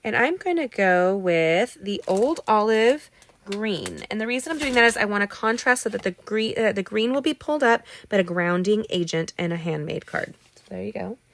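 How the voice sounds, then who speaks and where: A middle-aged woman runs a live card-making tutorial, bubbly and rambling as she chats with viewers and makes little noises and exclamations while she works. Her medium-pitched voice is expressive and moderately paced, though she sounds somewhat tired.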